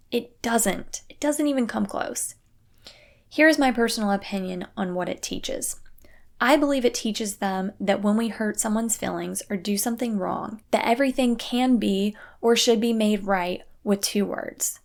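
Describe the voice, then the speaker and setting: A young woman hosting a parenting podcast, talking calmly and earnestly in a scripted solo talk. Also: medium pitch. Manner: calm, earnest, acts out quoted phrases.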